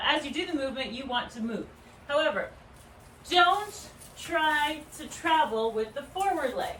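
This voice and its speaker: A young woman leads a dance class, talking in a chatty way and counting out the steps as she moves. Her voice sits a little high and comes from some distance from the mic. The room adds a roomy echo, with faint ambient noise behind her. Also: a bit bright. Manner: counts beats aloud while demonstrating moves; chatty, filler-heavy explanations. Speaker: dance instructor. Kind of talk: dance tutorial. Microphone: camera mic from a distance.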